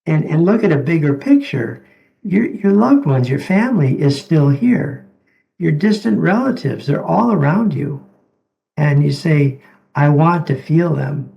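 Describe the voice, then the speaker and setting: A man who is a doctor, speaking as an interview guest, telling stories in a gentle, halting way that repeats words. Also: fairly high pitch, animated, vocal fry, highs cut off. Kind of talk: reflective storytelling in conversation.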